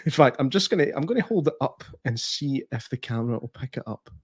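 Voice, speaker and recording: A man with a Scottish accent co-hosting a podcast, telling self-deprecating stories in casual chat and clearing his throat often. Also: medium pitch, expressive, fast, no echo, clean studio sound. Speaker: podcast co-host.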